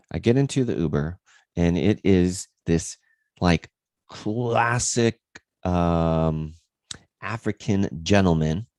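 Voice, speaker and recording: A man's voice: low voice, a little mellow, no echo, studio quality. A man hosting a fitness livestream, telling a rambling story in a casual way and swearing freely.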